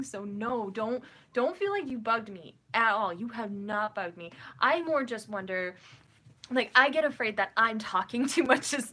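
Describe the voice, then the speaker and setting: Woman, livestream host, loose rambling chat, bright forward tone. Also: mid-range voice. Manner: chatty, rambling, reassuring.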